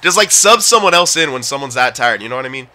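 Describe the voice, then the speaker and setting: A young man commentating his own hockey video game, frustrated, yelling at teammates and sighing. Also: medium pitch, animated, fast. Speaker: gaming channel host. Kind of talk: live gameplay commentary.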